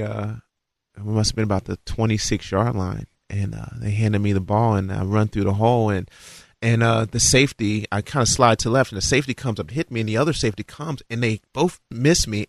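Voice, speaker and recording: Man from Kentucky, ex-football player, low voice, dry close sound; spins a yarn with plenty of fillers. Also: fairly quick, dry recording. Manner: lively storyteller who acts out quotes, frequent fillers. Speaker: former college and pro football player. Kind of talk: casual anecdote telling.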